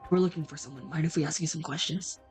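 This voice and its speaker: A woman doing a gruff, driven detective in a video game, curt and no-nonsense. The voice is pitched low and flat, all business. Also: fast, soft background music, close to an everyday voice. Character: stern male police detective, gruff and driven. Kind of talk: reading a video game aloud.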